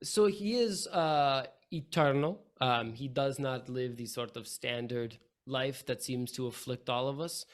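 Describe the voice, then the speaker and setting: A man narrating as game master of a tabletop game, slow and full of hesitations. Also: medium pitch.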